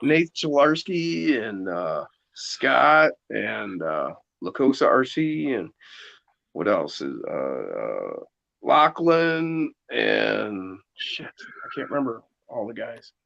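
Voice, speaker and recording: A man's voice: fairly low pitch, takes it slowly, vocal fry, highs cut off. A man chatting casually and joking around on a remote line. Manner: joking, lively. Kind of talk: casual chat.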